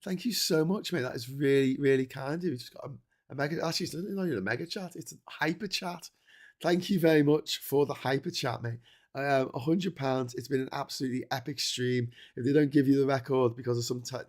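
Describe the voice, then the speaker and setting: A man talks casually on a marathon livestream, reading viewer messages aloud. He is excitable and quick to laugh, often stumbling and restarting his sentences, and sounds tired from the long stream. His voice sits at an ordinary middle pitch. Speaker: livestream host.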